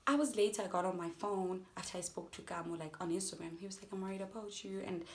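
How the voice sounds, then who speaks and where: A young woman from South Africa telling a storytime vlog, animated and talking straight to her viewers. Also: mid-range voice, fast talker. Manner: animated, addresses viewers as guys. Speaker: vlogger.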